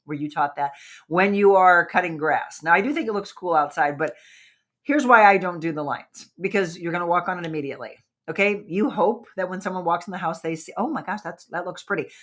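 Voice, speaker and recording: This woman's fairly low, fairly bright voice moves a little fast as she hosts a wellness talk show. She talks with her audience in a casual, animated way and puts questions to them.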